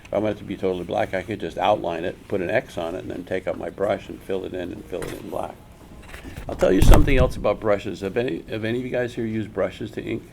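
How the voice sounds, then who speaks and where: A man's voice: low voice, fast, vocal fry, background noise. An older man giving a live art workshop, an emphatic storyteller who repeats words as he talks. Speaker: comic art teacher. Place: school room with audience.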